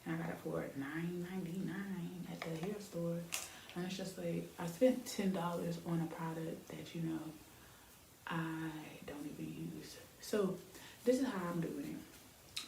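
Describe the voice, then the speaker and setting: A young woman chats in a rambling, easygoing way, full of fillers, while styling her hair for the camera. Her voice sits a little low and sounds mellow. The room around her is echoey with a faint hiss behind it. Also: fairly even intonation, measured pace, gravelly. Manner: chatty, rambling, lots of fillers. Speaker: beauty vlogger.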